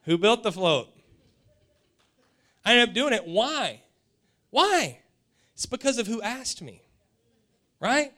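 Male preacher, forties, animated storyteller, high voice that swoops around. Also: slow pace, long pauses. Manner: animated storytelling, repeats words. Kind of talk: sermon.

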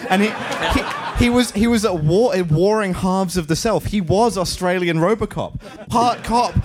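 A man's voice: high-pitched, normal speed, background noise. A man on a comedy podcast, making wry, wordy jokes. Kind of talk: casual comedic chat.

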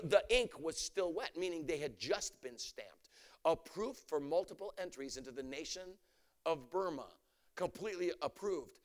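A man preaching a story in an animated, storytelling sermon, now and then shouting. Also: a little high. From United States.

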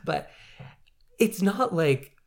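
A man in a casual film discussion, talking in an animated way and thinking aloud. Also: sits high, drawn-out words, creaky.

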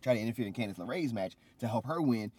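A man co-hosting a casual podcast, recapping wrestling in a loose, animated way and acting out quotes. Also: mid-range voice, fast talker, a little hiss or hum. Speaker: podcast co-host.

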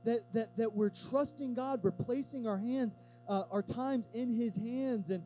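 A man preaching a sermon as pastor of a church, talking to the congregation in a relaxed, emphatic way and acting out quotes in lively voices. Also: very high-pitched, measured pace, faint music behind, poor audio.

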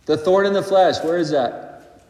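Male pastor preaching to a congregation, higher voice, echoey church hall with long reverb. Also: measured pace. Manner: animated preaching, rising and dropping in loudness. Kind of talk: sermon.

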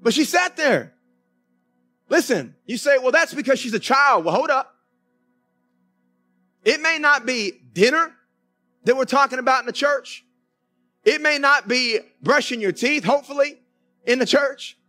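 With a Southern US accent, this pastor preaches to his church in a very high-pitched, bright and forceful voice with lively intonation. He talks a little slowly with long pauses, weaving folksy stories and asides that ask the congregation for an amen as faint music plays in the sanctuary.

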